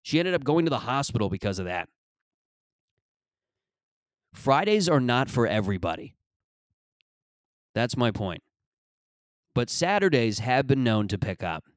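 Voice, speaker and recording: A man's voice: medium pitch, big pitch swings, measured pace, long pauses, no room sound, clean studio sound. A man in his thirties hosting a podcast, telling stories in a rambling, profane, comedic monologue. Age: 30s. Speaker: podcast host.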